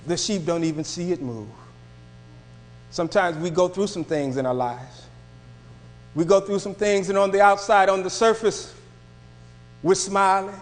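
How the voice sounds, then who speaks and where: A man preaching a sermon in a church, moving from quiet reflective passages to raised, emphatic delivery. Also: high voice, measured pace, pauses often, big-room sound. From northern United States. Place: church sanctuary.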